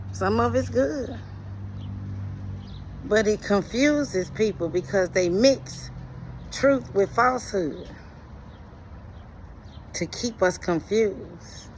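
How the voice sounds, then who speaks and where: Slow, gravelly middle-aged woman preaching. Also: mid-range voice, a bit bright, a little hiss or hum, poor audio. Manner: earnest, slow and deliberate, preachy. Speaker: speaker sharing life lessons. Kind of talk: reflective motivational monologue.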